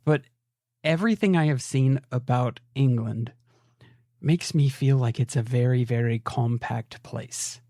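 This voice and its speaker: A man's voice: medium pitch, measured pace, mellow, no echo, studio quality. An American man co-hosting a podcast, talking in a rambling, hedging, self-deprecating way. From United States. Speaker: podcast co-host. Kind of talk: casual chat.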